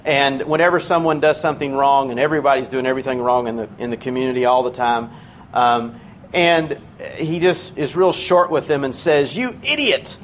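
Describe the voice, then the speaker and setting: A man preaching a sermon in a church, conversational and earnest, slowing down to stress key words. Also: medium pitch, steady tone, slight background noise.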